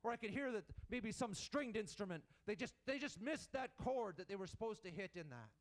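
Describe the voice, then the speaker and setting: A man's voice: high-pitched, animated, fairly quick. A man preaching a sermon in an earnest manner, repeating and restarting as he builds his points.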